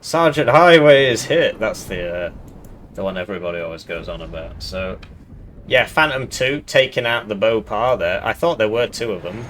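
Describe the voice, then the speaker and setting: A man's voice: on the low side, moderate pace, a bit bright, a little hiss or hum. A man casually commenting on a strategy game match, thinking aloud and drifting into side tangents.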